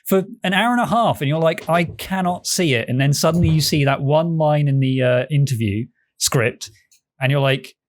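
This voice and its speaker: Animated man in casual game-dev chat. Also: on the high side, normal speed. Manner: animated, acts out quotes, swears casually. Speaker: podcast co-host, game developer.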